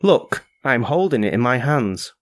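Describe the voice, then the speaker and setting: A humble, stubborn peasant from an old folk tale, as a man reads his lines. He speaks slowly and plainly, like a storybook reading. The sound is dry and close. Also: medium pitch, big pitch swings, no echo.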